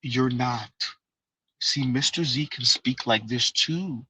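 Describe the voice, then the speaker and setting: Man doing a hushed, mock-polite, over-enunciated put-down voice. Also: mid-range voice, takes it slowly, husky, dry recording, pitched below the performer's own voice, exaggerated voice, rough recording. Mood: mock-genteel. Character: soft-spoken, prim, condescending male commentator.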